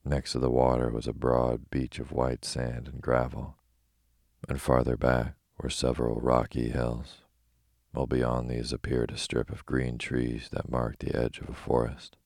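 Very deep, gravelly male bedtime reader. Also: monotone, a little slow, a little mellow, dry recording, studio quality. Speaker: narrator. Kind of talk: sleepy bedtime story reading.

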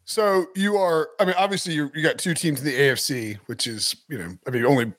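A man's voice: fairly high pitch, a little fast, fairly bright tone, no room sound, clean studio sound. Rambling man on a sports podcast. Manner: rambling, many restarts and fillers. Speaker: podcast host. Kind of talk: casual sports betting chat.

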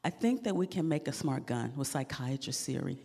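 A woman comedian performing a stand-up set, animated and laughing at her own jokes, on a club stage mic. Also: a bass voice, fairly quick, breathy edge, big-room sound.

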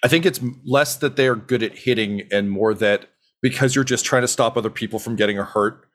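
A man running a tabletop game as game master, narrating in a relaxed, rambling way with many fillers and easy laughs. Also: medium pitch, fairly quick.

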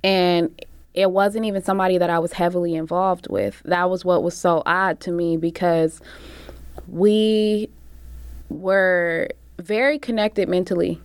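A woman's voice: on the low side, a little slow, clear, resonant tone, no room sound. A young woman, a recording artist, telling a story casually with slang and acted-out quotes. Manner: animated, slangy, acts out quotes.

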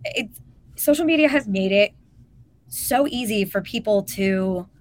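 A woman's voice: medium pitch, animated, a little slow, no room sound. A woman co-hosting a casual sports talk show, speaking emphatically and peppering her points with "like". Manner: emphatic, talks with filler "like". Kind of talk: casual opinionated chat.

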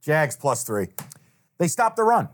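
A man co-hosting a sports betting podcast, talking in a casual, profane and animated way and telling stories with mocking impressions. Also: fairly high pitch, a little slow.

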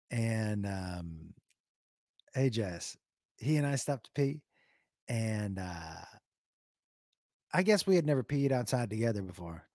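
Here a streamer with a medium-pitched voice talks to his live chat over a dry, studio-quality recording. He's a comedian, cursing freely, lively, and making silly noises as he casually tells stories.

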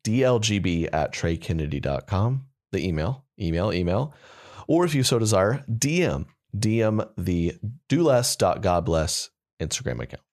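A man's voice: low-pitched, sing-song, normal speed, a little mellow. A man co-hosting a casual comedy podcast, rambling and playful, at times improvising slam poetry. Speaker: podcast co-host.

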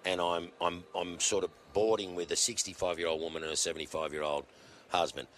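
Low-voiced Australian storyteller man. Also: brisk. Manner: animated, laughs through his stories. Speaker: guest, former fast bowler. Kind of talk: anecdotal storytelling.

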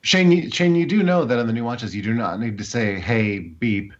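A man's voice: mid-range voice, normal speed. A man co-hosting a casual podcast, ribbing the host in a dry way. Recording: dull muffled sound.

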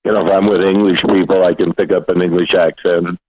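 A man's voice: sits low, little pitch movement, a little fast, breathy edge, no room sound. An older man, a guest actor, telling rambling anecdotes in a casual interview, with restarts and chuckles. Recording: dry thin phone-like line.

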